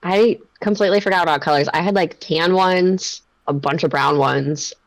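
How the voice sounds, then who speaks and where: A woman in her thirties co-hosting a casual chat stream, chatty and giggly, with quick asides. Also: on the low side, no room sound, low-quality recording. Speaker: streamer co-host.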